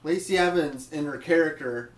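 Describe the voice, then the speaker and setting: A man's voice: fairly high pitch, moderate pace, reverberant. A man co-hosting a wrestling podcast, chiming in with ideas in easygoing casual chat. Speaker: podcast co-host.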